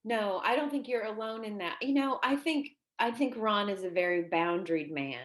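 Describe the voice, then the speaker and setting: A woman in her thirties, a podcast guest, telling stories in casual chat with a giggly, animated manner. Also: mid-range voice, moderate pace. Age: 30s.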